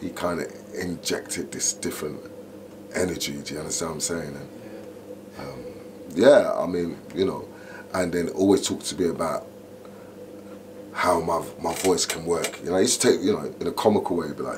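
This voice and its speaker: A deep, low-pitched man talks casually through an interview, winding through his stories with plenty of fillers and check-ins. A steady hum of background noise runs under his voice. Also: moderate pace. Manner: deep voice, relaxed storytelling, frequent "you know what I'm saying". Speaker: interview guest, MC.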